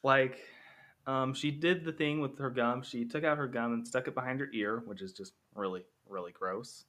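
Bright-voiced man rambling about movies. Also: mid-range voice, normal speed. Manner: rambling, with many fillers, acting out quotes. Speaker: podcast host. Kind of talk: casual movie comparison monologue.

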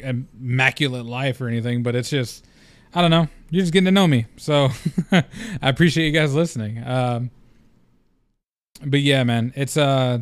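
A man's voice: medium pitch, smooth, no echo. A young man hosting a solo podcast, talking in a loose, rambling, candid way with lots of fillers and casual swearing. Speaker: podcast host.

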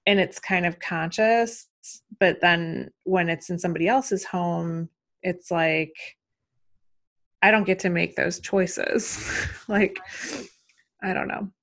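A woman in her thirties with a fairly low voice that has a gravelly, fry-edged texture. She talks casually and loosely, circling her thoughts with fillers and self-questioning as she chats about raising her child. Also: steady tone, takes it slowly, a bit bright. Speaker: mother and podcast guest. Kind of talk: casual conversation.

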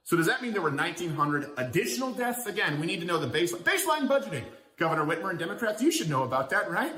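A man's voice: on the high side, sing-song, quick pace, pushed and bright, echoey room. A man hosting a political talk show monologue, sarcastic and rousing. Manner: sarcastic, rousing, chuckling at his own jokes.

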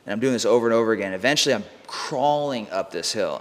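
A man's voice: on the low side, quick pace, fairly bright tone. Profane storytelling man, reverberant room. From United States. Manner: swears freely, says "bro" and "like". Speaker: podcast guest, mindset coach. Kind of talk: casual storytelling.

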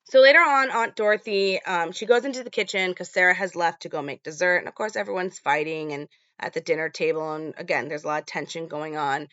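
A woman's voice: on the low side, a little fast, few pauses, a bit bright, no echo, lo-fi sound. A woman hosting a podcast, recapping a film in a casual, chatty way with lots of fillers. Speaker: podcast host.

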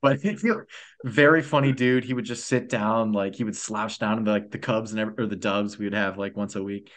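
A man's voice: lowish voice, steady tone, a little fast, a bit bright. A man co-hosting a podcast in casual chat, telling army anecdotes and laughing as he goes.

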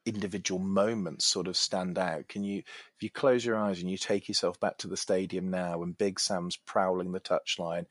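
Guy hosting a chat podcast, lowish voice, dry close sound, kinda rambly questions. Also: steady tone, normal speed, dry recording. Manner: rambling, self-correcting questions. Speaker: podcast host. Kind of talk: casual interview chat.

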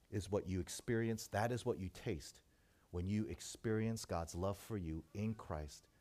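A man preaching a sermon, shifting between soft hushed passages and emphatic points. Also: on the low side. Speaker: pastor.

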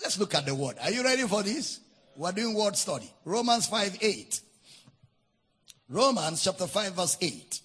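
A man with a Nigerian accent preaching a sermon, teaching with deliberate emphasis and spelling out words. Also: high voice, sing-song, a bit bright, breathy edge. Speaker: pastor.

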